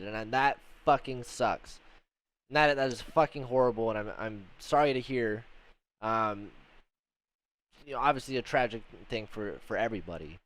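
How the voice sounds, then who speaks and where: Casual chat, young guy vet hosting a stream, swears constantly, smooth voice. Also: medium pitch, normal speed. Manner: blunt, heavy swearing, many fillers. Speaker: podcast host, Marine veteran.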